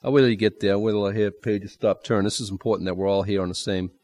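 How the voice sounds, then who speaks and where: Animated preacher man with joking asides. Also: lowish voice, fast. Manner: animated, swings from loud bursts to quiet asides; jokey, conversational asides between verses. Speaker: pastor. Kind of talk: sermon with scripture reading.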